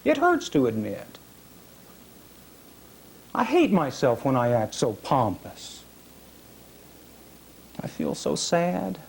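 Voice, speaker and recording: Man, author reading his own fiction, literary reading, slow, wide-ranging pitch, dramatic pauses. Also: wildly swooping pitch, gravelly, darkish tone, slight background noise. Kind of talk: public literary reading of first-person prose. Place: reading series event.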